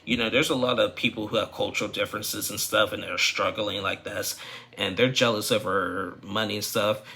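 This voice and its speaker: A man's voice: lowish voice, steady tone, normal speed, bright, forceful tone. A man giving a casual, opinionated recap of a reality show, rambling with frequent restarts.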